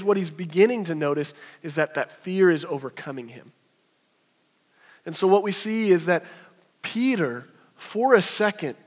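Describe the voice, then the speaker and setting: A man in his thirties preaching a sermon. He talks in a conversational way, rising to animated bursts and dropping to soft, low passages. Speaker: pastor. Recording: long reverb of a hall.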